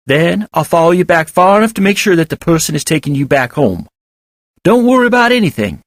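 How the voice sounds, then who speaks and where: A humble young male chipmunk speaks up in an earnest, reassuring way, as a man reading the story puts him on. His voice sits well above a grown man's ordinary pitch. This is a storybook reading. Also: big pitch swings, brisk, no room sound, clean studio sound. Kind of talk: audiobook character voice.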